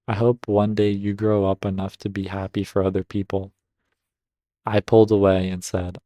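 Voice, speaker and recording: Reading a drama story aloud with casual commentary, this Reddit story reader and gaming commentator breaks off now and then for upbeat reactions. He has a low, warm voice, and there is no echo.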